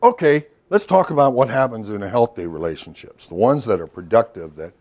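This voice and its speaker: A man's voice: mid-range voice, animated, a little fast, darkish tone. A middle-aged man giving a workshop lecture in a loose, storytelling way, with asides and questions to the audience. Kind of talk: recorded lecture to a professional audience.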